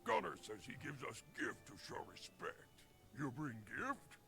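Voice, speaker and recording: A man's voice: a little high, sing-song, measured pace, vocal fry, bright, forceful tone, faint music behind, heavily acted. An actor playing a hot-headed male boar warrior chief who speaks in choppy broken grammar. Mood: angry.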